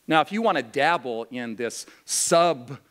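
A male pastor preaching to a youth camp. He moves between slow, solemn scripture reading and quick, joking asides. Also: mid-range voice, lively intonation, a bit bright. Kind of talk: sermon to a youth camp crowd.

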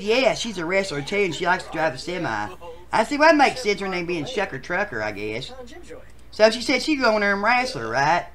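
A performer voicing a crude, rowdy male bachelor contestant, who tells profane stories and bursts into shouts. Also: mid-range voice. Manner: profane storytelling with sudden shouted outbursts. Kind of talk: comic machinima voice acting.

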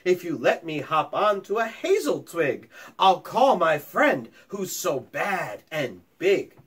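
Brief: a man doing a quick, bold little mouse, high and bouncy storybook voice. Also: big pitch swings, slightly rough, exaggerated voice. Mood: eager. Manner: high, eager, storybook read-aloud. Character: small clever boy mouse, quick and bold.

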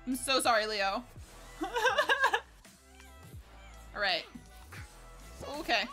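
A woman streamer giving chatty, excitable live commentary while playing a co-op game, laughing and swearing often. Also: a little high, takes it slowly, pauses often. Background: faint game music.

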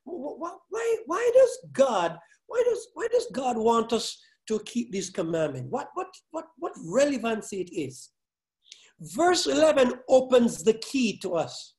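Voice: medium pitch, big pitch swings, darkish tone. A pastor giving a sermon, hammering key words over and over and firing questions at the congregation. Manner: halting restarts, then building force.

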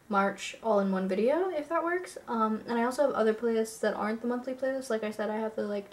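A woman's voice: on the high side, darkish tone. A young woman chatting casually to her viewers in a rambling vlog, full of fillers. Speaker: YouTuber.

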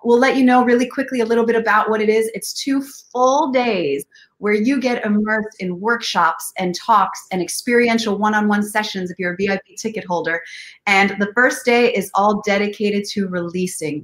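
A woman co-hosts a live online show, talking up an event in an upbeat way. Her voice is mid-pitched and even. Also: normal speed. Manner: upbeat promotional. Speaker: co-host. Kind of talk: live video chat hosting.

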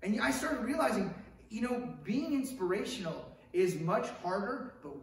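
A middle-aged man preaches to his church in a lively, storytelling way, acting out quotes and tossing in asides. His voice sits fairly high for a man. He sounds set back from the mic in a very echoey room with faint hiss. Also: normal speed. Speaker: pastor. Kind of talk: sermon. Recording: echoey room picked up from a distance.

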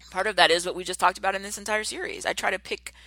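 A woman hosting a motivational podcast, talking passionately and emphatically, and slowing down to stress her key words. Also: medium pitch, fairly even intonation, sharp tone, no echo. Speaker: podcast host.

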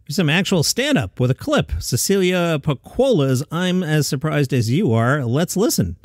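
A man hosting a daily comedy news podcast, reading listings and adding quick casual asides. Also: on the high side, very animated, no echo, clean studio sound. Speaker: podcast host.

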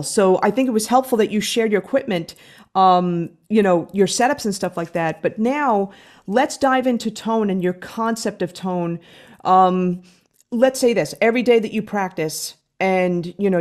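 A woman hosts an interview podcast, chatty and enthusiastic, often catching and correcting herself mid-sentence. Her voice sits at a medium pitch. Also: a little mellow. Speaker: podcast host. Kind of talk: interview questions.

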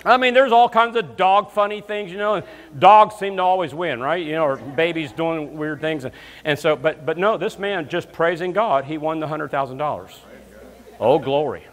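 A fairly high-voiced man preaches in a big, reverberant church hall. He is a guest minister, swinging between hushed storytelling and loud shouted praise. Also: normal speed. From Alabama, US South. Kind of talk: lively comedic sermon. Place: church sanctuary.

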